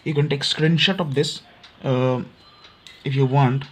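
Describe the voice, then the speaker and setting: A man with an Odia accent teaching an education class, explaining points step by step and often pausing on filler words. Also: medium pitch, steady tone, slightly rough. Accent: Odia English. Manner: frequent fillers and restarts, repeats key points. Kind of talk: explanatory lecture for exam students.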